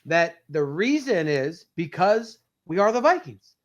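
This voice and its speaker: Man, podcast co-host, animated fan rant, casual chat, lively pitch. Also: lo-fi sound. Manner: animated, ranting fan, quick bursts.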